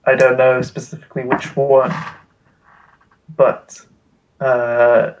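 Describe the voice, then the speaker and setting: A man's voice: mid-range voice, completely flat delivery, slow pace, muffled recording, a little hiss or hum. A man playing a tabletop game, joking and hesitant, with lots of fillers. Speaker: player. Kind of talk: casual tabletop role-play.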